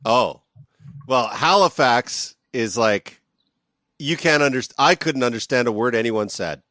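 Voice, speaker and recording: A man's voice: mid-range voice, measured pace, pushed and bright, no echo, studio quality. A man hosting a casual podcast, joking, laughing often and swearing. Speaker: podcast host.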